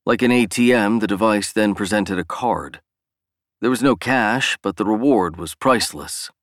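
A man narrating a novel in a steady, even storytelling read. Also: on the low side, moderate pace, dry recording, studio quality. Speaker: audiobook narrator. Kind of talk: scripted narration.

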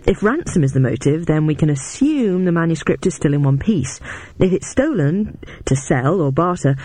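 A man's voice: a little high, darkish tone, dry recording. A male narrator voicing a frank, wry young woman detective with a raised voice. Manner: questioning, frank, quick.

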